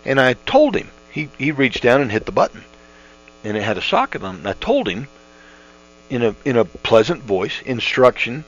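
A man's voice: mid-range voice, big pitch swings, moderate pace. A middle-aged man giving conversational, earnest Bible teaching on the radio, folksy and full of restarts. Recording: dull lo-fi radio audio with mains hum.

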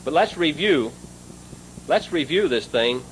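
An animated male preacher spinning a personal story from the pulpit, his voice sitting a little higher than most men's. He talks casually and turns aside to address a friend as he goes. A faint hiss sits underneath the recording. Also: measured pace, low-quality recording. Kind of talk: storytelling sermon.

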